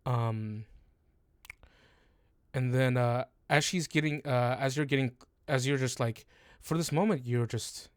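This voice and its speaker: A man narrating as game master of a tabletop game, halting and full of restarts, on a close, dry home mic. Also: mid-range voice, smooth, dry recording.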